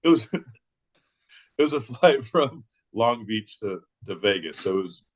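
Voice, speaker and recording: A man's voice: on the low side, lively intonation, slow. Man, podcast co-host, casual crude banter, rambling, laughs a lot.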